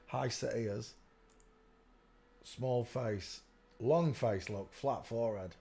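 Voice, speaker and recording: A man's voice: medium pitch, slow pace, creaky, warm tone. A man hosting a live stream, talking casually in a rambling way and often telling viewers to look at pictures. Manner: rambling, keeps saying "look" while pointing at pictures.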